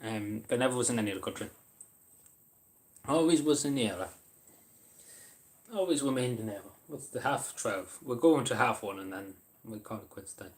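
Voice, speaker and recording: A man's voice: mid-range voice, expressive, normal speed, pauses often. A man chatting casually on a livestream, hesitant and apologetic, with many fillers, eating while he talks.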